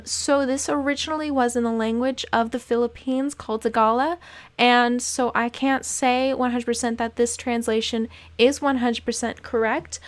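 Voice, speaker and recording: A young woman in a casual vlog, speaking with indignant passion and repeating phrases for emphasis. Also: on the high side. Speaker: vlogger, former cruise ship worker. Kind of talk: casual to-camera talk.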